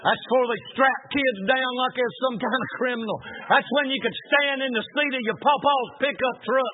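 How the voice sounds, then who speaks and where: High-voiced preacher, tinny sound. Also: male voice, normal speed, few pauses. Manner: folksy, colloquial storyteller. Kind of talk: storytelling sermon. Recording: narrow phone-like sound.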